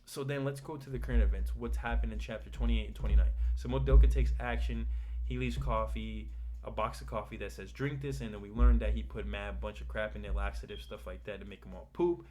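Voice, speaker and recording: A man with a fairly low voice talks a little fast while recapping manga chapters, drifting, restarting sentences, and paraphrasing characters in a flat, loose way. Slight background noise is audible.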